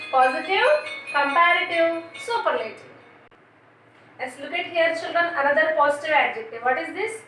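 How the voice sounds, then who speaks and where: Spelling words out one letter at a time, a high-voiced, bright female teacher from India quizzes her pupils in a grammar class. She sounds distant, captured in a very reverberant room with a faint noise floor.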